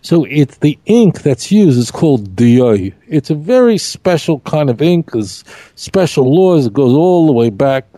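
A middle-aged man, a rabbi, teaching scripture in an emphatic, animated way, repeating key phrases on a podcast. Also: on the high side, measured pace, no echo. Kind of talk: podcast Bible discussion.

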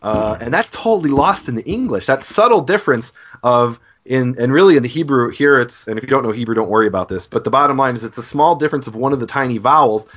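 A man's voice: medium pitch, animated, fast, hardly any pauses, fairly bright tone, lo-fi sound. A man co-hosting a casual scripture chat, explaining Hebrew grammar in a teacherly way. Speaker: Hebrew scholar co-host.

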